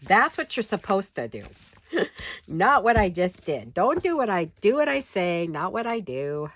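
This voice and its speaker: A woman's voice: medium pitch, very animated, measured pace, a bit bright. A woman with a stuffed-up nose from a head cold gives a chatty, rambling, self-deprecating paper-craft tutorial in her home studio.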